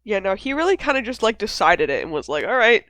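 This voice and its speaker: A woman hosting a casual discussion, talking in an animated way, swearing freely and acting out characters' lines. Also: medium pitch, fast, no echo. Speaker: podcast host leading a discussion. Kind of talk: casual chat.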